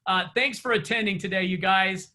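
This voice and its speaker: Man, coach, high voice, bright tone, casual storytelling, laughs often. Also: steady tone, moderate pace. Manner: chatty, laughs often, tells stories. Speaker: real estate sales coach. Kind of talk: casual coaching session to a group.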